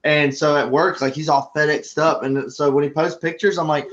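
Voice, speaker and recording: A high-voiced man chats casually on a podcast, telling stories with animation and acting out what people in a crowd said. His audio sounds dull and lo-fi, like a call recording. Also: fairly even intonation, normal speed, fairly bright tone, a little hiss or hum. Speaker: guest.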